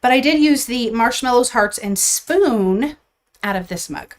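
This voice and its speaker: Woman, craft livestream host, somewhat high pitch, rambling and chatty, corrects herself often. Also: animated, unhurried. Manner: chatty and friendly, greets viewers by name; rambling asides and self-corrections. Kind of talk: casual live-stream chat and craft demo.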